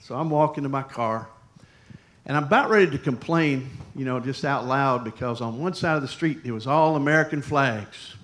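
Man, preacher, sermon, chatty storytelling, sudden loud emphasis, mid pitch. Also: moderate pace.

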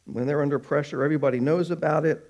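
A man preaching a sermon, animated, stretching out words for emphasis. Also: on the high side. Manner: animated, drawn-out emphatic phrases.

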